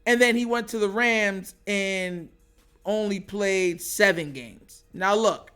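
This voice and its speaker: A man hosting a casual sports commentary show, excitable and animated, laughing often. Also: sits high, slow pace, smooth, faint music behind.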